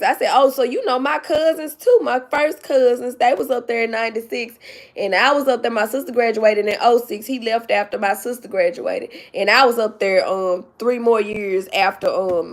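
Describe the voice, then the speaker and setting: Her voice sits on the high side with fairly even intonation and a moderate pace. This YouTube vlogger chats casually on her livestream, tearful with joy and emphatic, calling the audience "baby" and "y'all."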